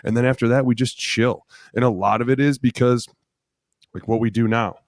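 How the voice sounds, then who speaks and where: A man in his thirties, a former football player co-hosting a podcast, telling loud, profane locker-room stories and acting out the voices. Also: mid-range voice, fairly even intonation, moderate pace, no room sound, clean studio sound. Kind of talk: casual chat.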